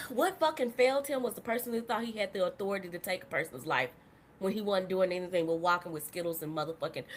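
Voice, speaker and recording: A woman hosting a live podcast stream, talking in a heated, profane monologue that swings from soft to loud. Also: medium pitch. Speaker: podcast host.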